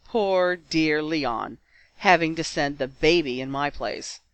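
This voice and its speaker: A man voicing a bulky, sneering female rival reporter, speaking low and scornful. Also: takes it slowly, a bit bright, smooth, dry recording. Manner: scornful, condescending.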